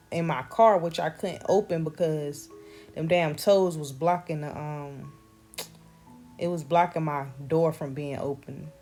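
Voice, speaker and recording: Animated young woman telling a story. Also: deep voice. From North Carolina. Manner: animated, swearing, addresses viewers as y'all. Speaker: vlogger. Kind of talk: casual storytime vlog.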